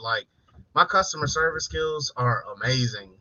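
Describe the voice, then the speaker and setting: A man hosts a late-night livestream in loose, profane chat, bragging through stories about his old call-center job. His voice sounds very bright. The recording is dry and a little dull. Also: on the high side, normal speed, dry recording. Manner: profane, boastful storytelling with laughs. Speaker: livestream host. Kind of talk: casual bar-style chat.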